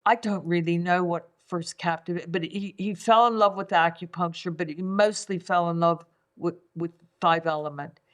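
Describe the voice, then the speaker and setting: A woman's voice: on the low side, fairly even intonation, normal speed, hardly any pauses. An older woman from England speaking as a podcast guest, reflective and prone to repeating words as she searches for them. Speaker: guest, five element acupuncturist. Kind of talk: conversational podcast interview.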